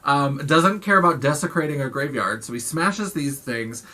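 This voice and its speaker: A woman's voice: deep voice, expressive, normal speed, pushed and bright. A woman casually recapping a horror film in a chatty, profane way, full of "like". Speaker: film review vlogger.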